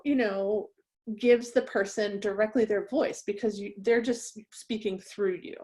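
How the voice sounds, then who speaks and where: Woman trainer explaining, checking in often. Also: a little high. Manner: conversational, checks in with frequent "right?". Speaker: interpreter trainer. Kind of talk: webinar training presentation.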